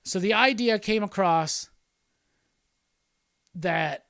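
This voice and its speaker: A man's voice: high-pitched, takes it slowly, vocal fry, a bit bright, dry recording, studio quality. A man hosting a casual livestream chat, rambling and swearing freely, often laughing. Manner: rambling and profane, with frequent laughs. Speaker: host.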